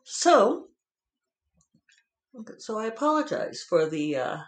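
A man's voice: fairly high pitch, animated, measured pace, vocal fry, a bit bright. Man, podcast host, tearful and rambling in a chatty monologue, recorded in an echoey room. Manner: rambling, with many fillers and restarts. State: teary, emotional. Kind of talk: casual solo podcast monologue.

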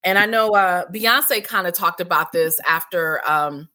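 A woman in her forties tells her own story as an interview guest, her voice bright and ringing. She talks candidly and animatedly, jumping her pitch up to act out what was said to her. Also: unhurried. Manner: animated, acts out past dialogue with big pitch jumps. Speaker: interview guest, healing center founder.

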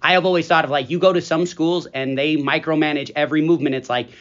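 A male school administrator hosting a casual podcast, rattling along quickly with jokes and filler likes. The audio is dull and lo-fi. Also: on the high side. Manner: energetic, joking, talks in rushes with likes. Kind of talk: casual chat.

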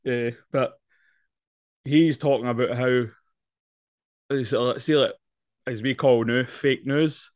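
Scottish man, mid pitch, sweary chatty co-host, dry recording. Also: steady tone, slow, pauses often, dry recording. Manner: sweary, laughs often, chatty. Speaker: podcast co-host. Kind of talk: casual film review chat.

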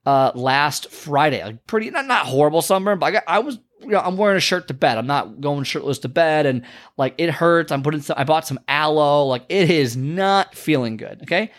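A man's voice: a little high, lively intonation, fairly quick, a bit bright. A young man casually telling a rambling story in a vlog, with many fillers and restarts. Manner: rambling, chatty, lots of fillers. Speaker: vlogger and motivational speaker.

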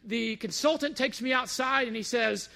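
A man tells a story from his past in a casual, lively way and slips into the voices of the people he quotes. His voice sits high, with a strong gravelly fry and a bright, edgy tone. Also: moderate pace. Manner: animated, acts out quoted dialogue. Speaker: speaker telling a personal story.

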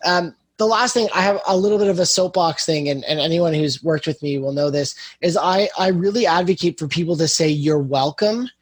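A man's voice: fairly high pitch, brisk, few pauses, husky, no room sound. A man from Canada co-hosting a podcast, chatting casually and joking about himself, often restarting his sentences. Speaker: podcast co-host.

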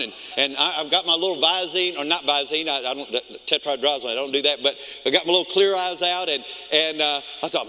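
Middle-aged male pastor, high bright voice, lively storyteller, long reverb of a church hall. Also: quick pace, few pauses. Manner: animated storytelling, acts out his own reactions. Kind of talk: sermon.

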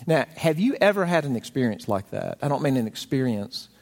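A pastor preaches a conversational sermon in a mid-range voice at a fairly quick pace, with a long reverb tail. He tells stories expressively and acts out the lines he quotes.

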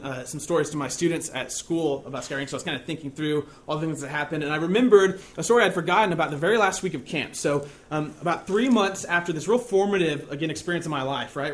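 A young man preaching a sermon in a conversational, self-deprecating storytelling way. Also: on the high side.

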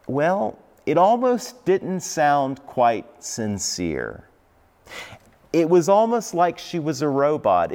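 Man, 50s, pastor, unhurried devotional sermon recorded in a reverberant church sanctuary. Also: on the low side, a little mellow.

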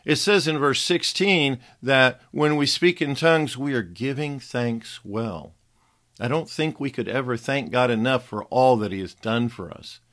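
A man giving a scripted devotional Bible teaching in a measured, earnest voice, reading scripture passages aloud. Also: medium pitch, fairly bright tone.

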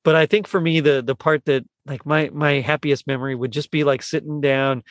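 A man hosting a casual movie podcast, talking in a rambling, halting way with lots of fillers and restarts. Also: on the high side, steady tone, no room sound, clean studio sound. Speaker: podcast host.

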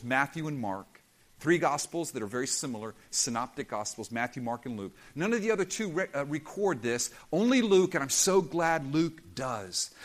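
Male pastor, high tenor, emphatic and impassioned sermon delivery. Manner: impassioned, emphatic preaching with dramatic quoted voices.

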